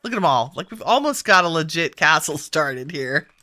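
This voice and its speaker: A woman's voice: sits low, animated, moderate pace, sharp tone, dry recording. A woman giving casual gameplay commentary, chatty and talking to her game characters as she plays. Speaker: game streamer.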